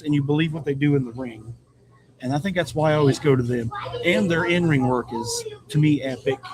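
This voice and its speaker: In a busy pizzeria with crowd chatter behind him, a medium-pitched man appears as a wrestling fan guest. He chats casually and enthusiastically about wrestling, rambling a little, with plenty of background noise.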